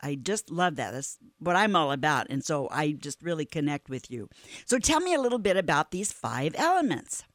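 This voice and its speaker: A woman interviewer with a slightly low, trained voice, talking with effusive enthusiasm in a casual faith-based chat. The sound is dry and close, with no room around it. Her praise comes in bursts between thoughtful asides. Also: very animated, normal speed, no room sound. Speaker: interview host.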